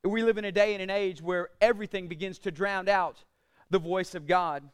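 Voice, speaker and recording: Pastor guy preaching, really high voice, smooth and clear, goes loud then drops way quiet. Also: fairly even intonation, a little fast. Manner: preaching with rhetorical questions and call-outs to the congregation; swings between loud declarations and quiet, low asides. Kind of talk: sermon.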